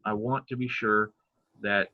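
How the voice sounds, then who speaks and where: An older man, a pastor, chatting casually on a podcast, telling stories and halting jokes and sometimes losing his place. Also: fairly low pitch, steady tone, phone-quality sound. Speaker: pastor and guest father.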